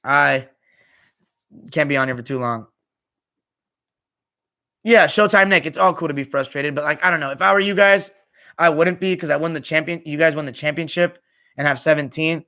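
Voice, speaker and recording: Tired young man, bright casual chat. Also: a little high, normal speed, pauses often. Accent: American. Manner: tired, offhand, trails off quietly at phrase ends. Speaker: podcast host reading live chat. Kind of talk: casual live-stream chat.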